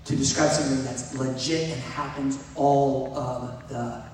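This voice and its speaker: Middle-aged preacher in an echoey hall. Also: male voice, mid-range voice, fairly even intonation, measured pace, darkish tone. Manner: conversational, earnest preaching with asides to the congregation. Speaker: pastor. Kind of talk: sermon. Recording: echoey hall from far off, faint noise.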